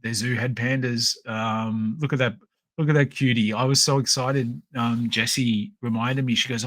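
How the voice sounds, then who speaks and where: An Australian man hosting a podcast, chatting casually on a live stream and telling stories in a rambling, animated way full of fillers. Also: mid-range voice, normal speed, no echo. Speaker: podcast host.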